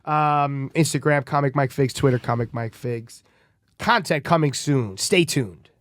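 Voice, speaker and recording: A man's voice: medium pitch, a little slow, fairly bright tone. A male comedian as a podcast guest, joking and swearing freely in casual chat.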